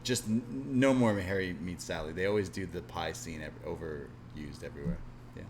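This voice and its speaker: On a live wrestling review stream, a co-host with a deep voice recaps the episode at a moderate pace in casual chat. He's animated and acts out the characters' lines in goofy, silly voices, with slight background noise behind him.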